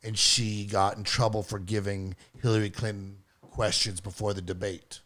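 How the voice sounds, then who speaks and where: A man's voice: on the low side, level tone, normal speed, a bit bright. A man co-hosting a podcast in casual chat, rambling through his points and laughing between phrases. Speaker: podcast co-host.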